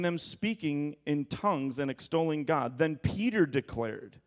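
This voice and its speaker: With a slightly high, animated voice, this pastor in his thirties keeps a measured pace but barely pauses. He reads scripture, throws in casual jokes, and has the congregation repeat words.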